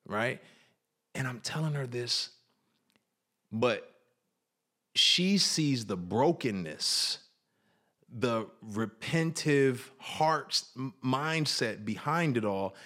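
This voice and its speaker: A man talks earnestly about his own past, pausing, restarting and slowing down on the heavy parts. His voice sits at an ordinary middle pitch. The tone is reflective and sincere, like a candid personal conversation. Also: a bit bright. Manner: earnest and reflective, with many restarts and vivid retold quotes. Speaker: guest sharing his life story.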